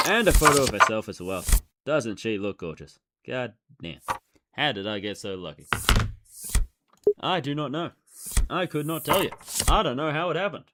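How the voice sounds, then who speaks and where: A man giving casual running commentary as he plays online poker, thinking aloud and swinging from excited outbursts to low muttering. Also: heavy background noise.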